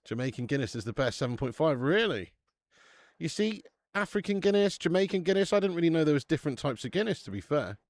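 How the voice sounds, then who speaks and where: British male streamer, young, gravelly, dry close-mic sound, loose sweary banter. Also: fairly high pitch, very animated, fast, no echo. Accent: British English. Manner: chatty, swears freely, reads viewer comments aloud. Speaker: watch-along host. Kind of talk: casual live-stream chat.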